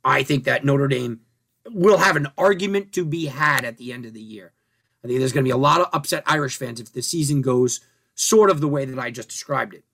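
This man hosts a sports talk show, and his mid-range voice is fairly quick, creaky, and fairly bright. He chats through rankings and stats casually, reasoning out loud and posing rhetorical questions.

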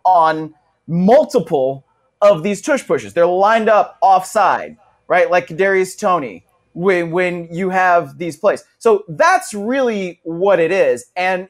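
A man joining a sports talk show as a guest analyst, making his case deliberately and repeating key phrases. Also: fairly high pitch. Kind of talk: casual sports talk by remote link.

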